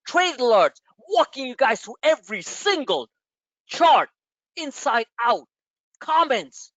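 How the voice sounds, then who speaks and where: A man's voice: very high voice, big pitch swings, slow pace, a bit bright, no room sound. New guy ranting at his trading class, swears a lot, voice swings up and down, muffled dry audio. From New York. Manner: frustrated, blunt, profane, lecturing. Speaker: trading webinar host. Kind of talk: live webinar rant. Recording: dull dry lo-fi webinar audio.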